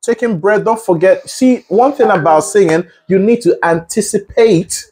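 A man's voice: high voice, normal speed, darkish tone, slightly rough. A man coaching a student through a singing lesson, explaining breath control with analogies and encouragement. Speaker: vocal coach.

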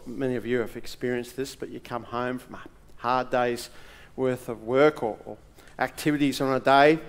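Male pastor in a church, high voice, measured delivery, leans hard on key words and drops to near-whisper for effect. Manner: emphatic, with dramatic pauses and swings between loud and soft. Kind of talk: sermon.

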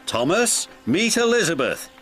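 A steady, practical engine driver, as a storybook narrator puts him on, with a teasing edge and a lively, rising voice. Music plays beneath. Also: male voice, high-pitched, measured pace, voice pushed up. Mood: cheerful.

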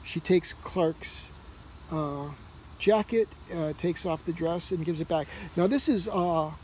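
Male comic reviewer, high-ish voice, casual and meandering, filler-heavy delivery. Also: slow, a little mellow, a little hiss or hum, poor audio. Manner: rambling, heavy on fillers like "you know" and "uh".

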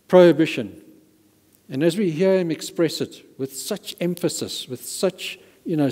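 With a warm, mellow, medium-pitched voice, a male pastor delivers a sermon marked by emphatic stress and repeated words that hammer his points home. Long reverb from the church hall fills the recording.

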